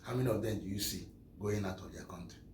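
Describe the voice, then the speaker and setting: A man's voice: lowish voice, quick pace, a little mellow, roomy sound, a little hiss or hum. A Nigerian man giving impassioned commentary, emphatic and repeating his phrases for force.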